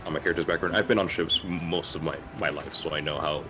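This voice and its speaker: A man's voice: very deep voice, fairly even intonation, quick pace, over music, poor audio. A man playing a tabletop game, hesitant and laughing often as he chats. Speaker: player. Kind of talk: casual chat at a tabletop game.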